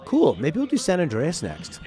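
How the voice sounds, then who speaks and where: Lively rambling male game streamer. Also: on the high side, normal speed. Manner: rambling, joking asides while playing. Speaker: gaming streamer. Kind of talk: casual live gameplay commentary.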